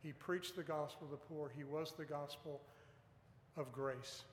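A man's voice: fairly high pitch, fairly even intonation, unhurried, a little hiss or hum. Man preaching in an echoey hall. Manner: earnest, emphatic, stresses key words. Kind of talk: sermon. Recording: echoey hall with long reverb.

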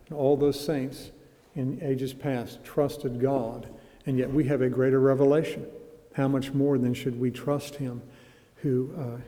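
Dark-voiced man teaching a Bible study. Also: medium pitch, big-room sound. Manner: conversational, with slow emphatic scripture quotes and restarts.

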